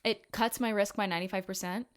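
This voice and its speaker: A woman's voice: medium pitch, clear, resonant tone. Woman in her twenties, podcast host, casual chat, frank and profane, rambling asides. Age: 20s. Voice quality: frank, profane, animated and self-mocking. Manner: rambling storytelling with quick asides and self-corrections.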